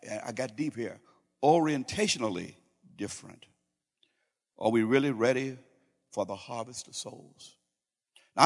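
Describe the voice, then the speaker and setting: A middle-aged pastor delivers a sermon as a story, acting out conversations and frequently restarting sentences. His medium-pitched voice is creaky, and the recording echoes as if in a reverberant hall.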